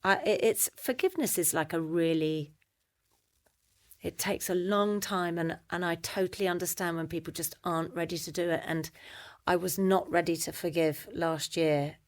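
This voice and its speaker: This middle-aged woman from Britain, a conversation guest, has a lowish voice and talks at a normal speed. Her personal story comes out animated, with the quoted voices performed.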